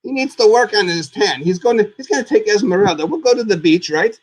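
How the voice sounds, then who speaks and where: A man hosting a live puppet talk show as a goofy, chatty skeleton, rambling and excitable, and referring to himself in the third person. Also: sits high, quick pace, dry recording. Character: goofy skeleton host, male, chatty and silly. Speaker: host.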